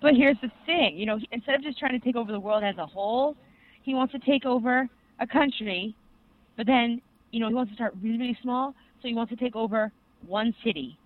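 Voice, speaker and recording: A young adult co-host excitedly rambling through an anime recap in casual podcast chat, full of fillers. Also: medium pitch, brisk. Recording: tinny phone-like sound.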